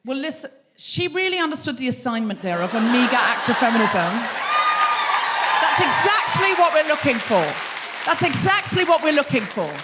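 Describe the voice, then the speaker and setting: A woman's voice: sits high, very animated, normal speed, over a noisy crowd, heavy background noise. A middle-aged woman hosting a comedy podcast live on a theatre stage, bantering and teasing the audience. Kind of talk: live stand-up style crowd work.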